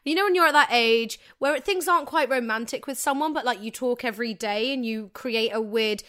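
A woman's voice: on the high side, a little fast, fairly bright tone. A British woman co-hosting a podcast, chatty and nostalgic, swearing casually. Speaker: podcast co-host. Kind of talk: casual chat.

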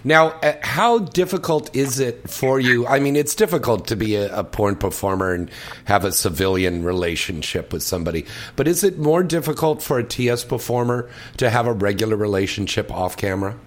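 A man interviewing a guest in a relaxed way, asking questions and giving short agreeing replies. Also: medium pitch, brisk.

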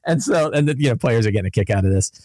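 A man, a podcast co-host and game master, recounting his tabletop session in animated, casual storytelling. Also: fairly low pitch, very fast, no room sound, studio quality. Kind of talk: casual chat.

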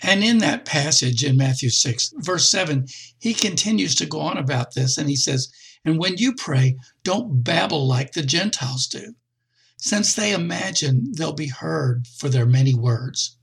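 A middle-aged man preaching a conversational sermon, with expressive jumps in pitch. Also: unhurried, vocal fry, husky.

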